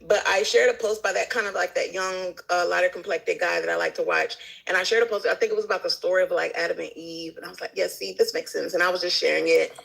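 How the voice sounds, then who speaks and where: A woman's voice: lowish voice, fairly even intonation, fast, gravelly, hardly any pauses, a bit bright, poor audio. A woman guest in casual conversation, telling stories animatedly and acting out the people she quotes. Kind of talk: casual chat.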